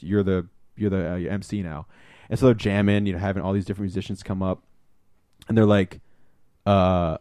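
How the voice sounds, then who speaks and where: A man with a lowish voice spins an excitable, rambling story on a casual podcast, swearing freely along the way. His voice sounds close and dry, with no room sound around it. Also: dry recording. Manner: rambling, excitable anecdote-telling with profanity. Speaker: podcast co-host.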